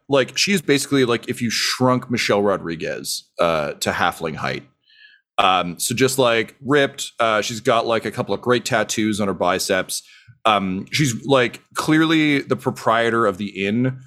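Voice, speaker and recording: A man's voice: on the low side, a bit bright. A young man narrating a tabletop game as game master, rambling with lots of fillers.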